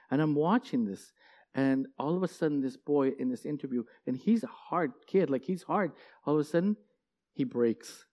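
A man's voice: mid-range voice, lively intonation, moderate pace, muffled recording. A male pastor giving a conversational sermon, telling stories earnestly and often saying "like" as he goes. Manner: casual, frequent "like" fillers, earnest storytelling.

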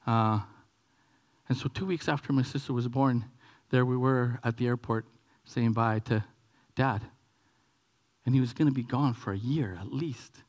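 Speaking a little slowly, a forty-something Canadian preacher recounts a childhood memory and dramatizes it. At times he whispers, and at others he breaks out in high, excited bursts.

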